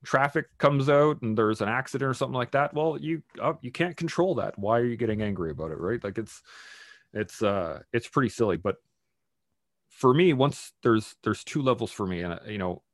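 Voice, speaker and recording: A man in casual conversation, animated and swearing freely as he acts out his own angry outbursts. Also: medium pitch, a little fast, dry recording, studio quality.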